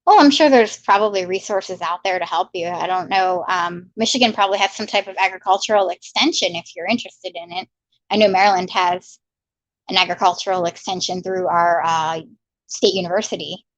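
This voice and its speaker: Woman chatting on her livestream, reads comments out, kinda muffled dry sound, mid pitch. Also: a little fast, fairly bright tone, no room sound. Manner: chatty, upbeat greetings to viewers. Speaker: livestream host. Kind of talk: casual livestream chat, reading viewer comments. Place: home in Maryland.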